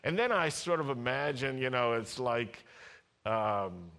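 Bright-voiced, unhurried male preacher. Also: mid-range voice. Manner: animated, acts out voices, has the congregation repeat lines. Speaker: pastor. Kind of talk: sermon.

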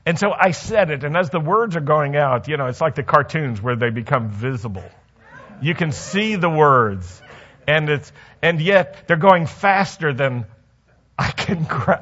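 A man's voice: on the high side, animated, a little slow, bright, forceful tone, breathy edge, dull audio. A man preaching a sermon in a conversational way, asking the congregation questions and telling stories from his own life. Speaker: pastor.

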